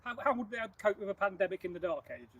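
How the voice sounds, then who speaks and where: Fast-talking English man in his forties. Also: high voice, lively intonation, fairly bright tone, highs cut off. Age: 40s. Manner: rambling, self-correcting storyteller. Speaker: host. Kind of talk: casual livestream chat.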